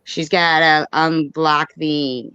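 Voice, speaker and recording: A woman's voice: low-pitched, steady tone, slow, pushed and bright, clean tone, no room sound, lo-fi sound. A woman hosting a live stream panel, reacting bluntly and running the playback. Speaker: host.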